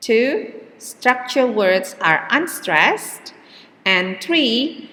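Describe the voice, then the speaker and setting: Female teacher, slow and careful delivery, slight room echo, faint hiss. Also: mid-range voice, a bit bright. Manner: slow, deliberate example sentences with hesitant fillers. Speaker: English teacher. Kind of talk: recorded classroom lesson.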